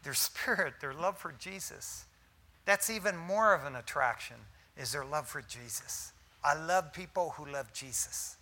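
A male pastor preaches in a folksy, animated way, full of slangy asides. His voice sits high for a man and rings very bright, and he swings between loud bursts of emphasis and hushed, almost whispered lines. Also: unhurried. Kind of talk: sermon.

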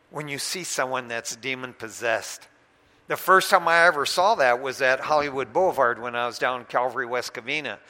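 A man preaching a sermon, telling a story with animated delivery that swings between loud and hushed. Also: medium pitch. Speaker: pastor. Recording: long hall reverb.

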